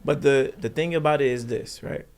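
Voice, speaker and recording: A man's voice: medium pitch, normal speed, creaky. Earnest man telling a story in slang. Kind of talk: casual podcast conversation.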